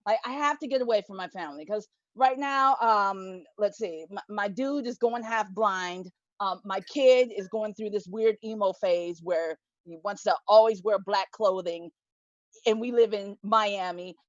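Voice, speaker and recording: A woman's voice: medium pitch, unhurried, no room sound. A woman doing a stand-up set from a small bedroom corner over a video call, in a chatty, confiding way. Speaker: stand-up comedian. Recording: dull lo-fi dry audio.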